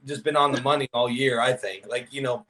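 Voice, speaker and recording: A man's voice: medium pitch, fairly even intonation, fairly quick, over a noisy crowd. A man weighing in as a guest on a casual panel, rambling with lots of "you know" and "like". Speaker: guest analyst.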